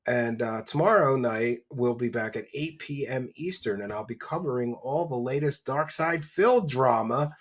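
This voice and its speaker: A man hosting a live-stream commentary show, talking in a sarcastic, mocking way. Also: medium pitch. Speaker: host.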